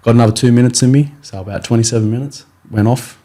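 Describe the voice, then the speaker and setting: A man's voice: medium pitch, quick pace, mellow. A young Australian man, a rugby league player, telling his story in a casual interview, rambling with many fillers and acting out his coach's words.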